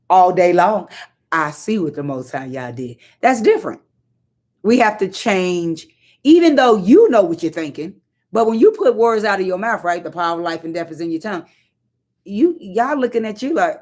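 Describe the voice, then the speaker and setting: A woman with a slightly low voice preaches an informal sermon. She is emphatic and conversational and lingers on repeated lines. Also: very animated, moderate pace, darkish tone. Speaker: prayer leader.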